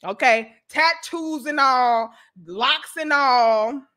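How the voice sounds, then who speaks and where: A woman host with a St. Louis accent giving loose livestream commentary, profane and animated, laughing often and answering viewer comments. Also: high-pitched, slow. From St. Louis, USA.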